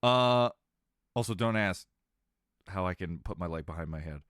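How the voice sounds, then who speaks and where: On a live stream, a man with a medium-pitched, slightly bright voice and a faint Southern American twang talks at normal speed, animated but with long pauses. Recorded dry with clean studio sound, he rambles, jokes, and frequently laughs mid-sentence.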